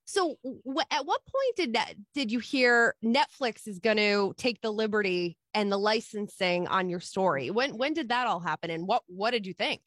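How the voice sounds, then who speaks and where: A woman hosting an interview, asking playful, quick questions. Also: mid-range voice, animated, fairly bright tone, no echo, studio quality. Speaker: interview host. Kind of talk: casual interview.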